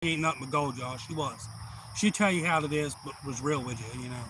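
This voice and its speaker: Man, bright and forceful, loose folksy storyteller who cusses casually. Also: medium pitch, brisk, slight background noise, rough recording. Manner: rambling, folksy, swears freely. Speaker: livestream host.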